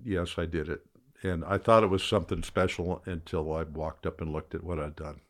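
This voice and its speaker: This is an older man, once a fishing guide, chatting casually with a low voice and an unhurried but steady pace. He spins a lively yarn and yells the quoted parts aloud.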